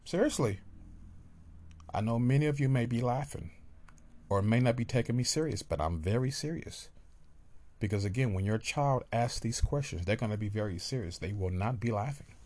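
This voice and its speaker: A man's voice: mid-range voice, lively intonation, normal speed, darkish tone. A man giving emphatic parenting advice in a casual motivational talk, repeating his points insistently.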